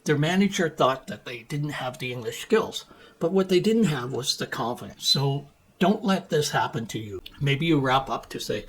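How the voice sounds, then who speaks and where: A middle-aged man coaching business English, speaking in a clear, deliberate, emphatic way with pauses. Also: mid-range voice, expressive. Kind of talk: teaching monologue to camera.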